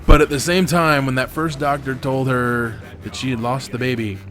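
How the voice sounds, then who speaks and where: A man's voice: medium pitch, steady tone, moderate pace, fairly bright tone. A young man hosting a gaming channel, candidly retelling a family story over gameplay and swearing freely as he talks. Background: faint background music.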